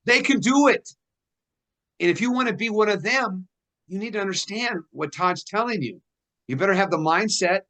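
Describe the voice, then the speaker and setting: Host: man, higher-pitched, animated, laughs a lot while telling stories. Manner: animated, laughs often, acts out dialogue. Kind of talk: casual storytelling interview.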